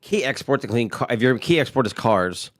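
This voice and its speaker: A man's voice: mid-range voice, animated, brisk, no echo, studio quality. A man co-hosting a live podcast who teases his partner and reads out facts. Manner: teasing, reads facts and chat comments aloud. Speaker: podcast co-host. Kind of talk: casual live podcast banter.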